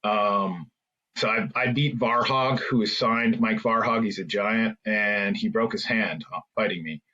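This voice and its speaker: A man's voice: on the low side, unhurried, sharp tone, highs cut off. A man, a former hockey player, rambling through anecdotes as a podcast guest, with many fillers and restarts. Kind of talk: casual storytelling interview.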